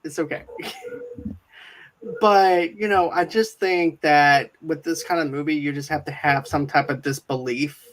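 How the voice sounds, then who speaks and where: A man's voice: on the high side, measured pace, a bit bright. Male podcast host, rambling scene-by-scene recaps, casual review chat. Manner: rambling, retells scenes with filler phrases.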